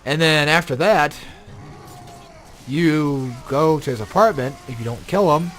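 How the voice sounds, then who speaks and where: A young man with a fairly high, fairly bright voice gives measured, casual gameplay commentary that rambles, with slight background noise behind him. Sleepy and yawning, he swears frequently, grows exasperated, and an odd robotic glitch marks his voice.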